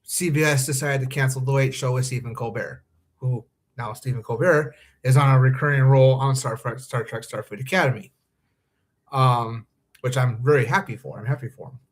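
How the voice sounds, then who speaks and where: Man, podcast host, live stream, worried, earnest, halting with ums and restarts, mid-pitched voice. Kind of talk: live-streamed commentary monologue.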